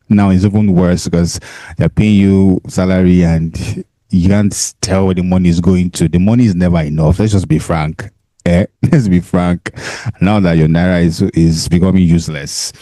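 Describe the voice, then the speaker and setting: A Nigerian man with a low, mellow voice talks straight to the viewer, laughing easily and repeating himself to drive points home. He speaks into a handheld mic, and the sound is close and dry. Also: dry recording. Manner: chatty, laughs often, repeats himself for emphasis. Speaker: host. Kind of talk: casual pitch to camera.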